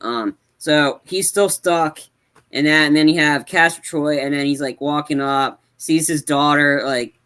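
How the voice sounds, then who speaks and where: This is a man with a slightly higher-pitched voice, chatting casually as a podcast co-host. He retells movie scenes in a rambling way, leaning on fillers and restarts. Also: a little slow, fairly bright tone, clean tone. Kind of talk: casual movie review chat.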